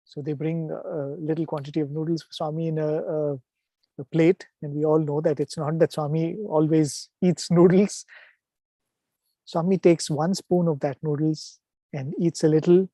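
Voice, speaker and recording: A man tells devotional stories as a guest speaker. His voice is warm and mellow, recorded dry and close. He speaks in an animated way and keeps checking in with the audience. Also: a little high, moderate pace, no room sound. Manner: animated storyteller, asks "right?" to the audience. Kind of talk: devotional storytelling talk.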